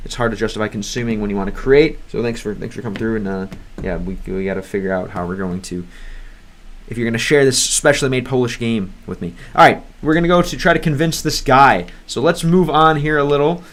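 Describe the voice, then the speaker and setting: An American man hosting a casual gaming livestream, with a voice of ordinary middle pitch. He rambles and hesitates between thoughts, stopping to sound out unfamiliar foreign words. His talk is loose and unscripted. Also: a little fast, a bit bright. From United States. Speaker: streamer. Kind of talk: livestream gameplay chat.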